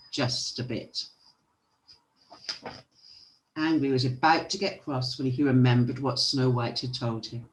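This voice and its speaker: A storyteller reading a children's picture book aloud with expressive delivery. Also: mid-range voice, slight background noise, poor audio.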